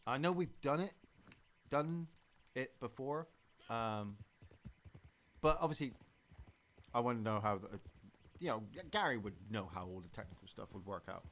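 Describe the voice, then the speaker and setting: A man's voice: mid-range voice, lively intonation, normal speed, long pauses, fairly bright tone. A man hosting a gameplay stream, talking casually and rambling, with many fillers and restarts. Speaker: streamer and podcast host.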